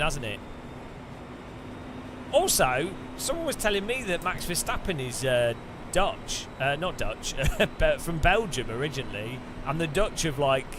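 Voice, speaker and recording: A man's voice: on the high side, noisy background. A man chatting casually about sim racing as he plays, rambling with chuckles and restarts. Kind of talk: casual gaming chat.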